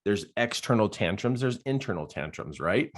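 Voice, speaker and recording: An older man, a life coach, telling stories in an animated podcast monologue and laughing often. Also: fairly low pitch, normal speed.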